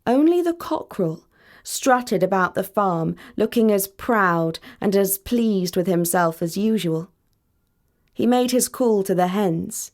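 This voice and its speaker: A woman storyteller narrating a fairy tale in a clear, measured, deliberate way. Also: medium pitch, lively intonation, darkish tone.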